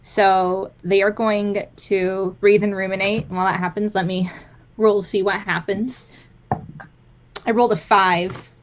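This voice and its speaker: A woman's voice: medium pitch, steady tone, measured pace. A woman playing her character in a tabletop game, often stumbling and restarting her sentences. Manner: hesitant, stammering restarts.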